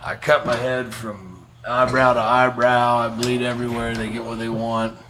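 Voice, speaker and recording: A man's voice: mid-range voice, level tone, moderate pace, background noise. A man telling a long story in casual podcast chat, blunt and profane, laughing at his own bad luck. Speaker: podcast guest.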